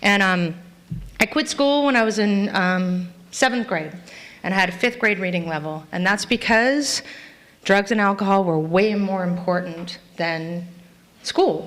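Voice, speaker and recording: A middle-aged woman from Los Angeles telling her personal story to a live meeting, candid and self-mocking, acting out past scenes in high voices. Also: unhurried, fairly bright tone. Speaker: recovery meeting speaker. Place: meeting hall.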